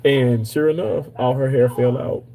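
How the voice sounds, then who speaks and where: A man's voice: medium pitch, moderate pace, dark tone, poor audio. A man, around his thirties, casually chatting to his viewers and telling a long personal story with emphatic repetitions. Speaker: streamer talking to viewers. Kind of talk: casual live chat.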